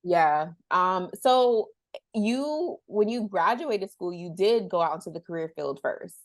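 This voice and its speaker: A young woman hosts a casual conversation, rambling a little and reaching for words between fillers. Her voice sits somewhat low, and the recording is close and dry. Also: lively intonation, a little slow, dry recording. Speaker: podcast host. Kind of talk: casual interview chat.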